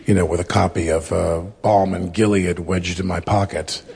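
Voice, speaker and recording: A man in his fifties with a raspy voice, talking candidly and rambling a little as a guest in a studio interview. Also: low voice, fairly even intonation, normal speed, a little mellow. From United States. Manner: rambling, many fillers and self-corrections. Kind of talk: candid conversational storytelling.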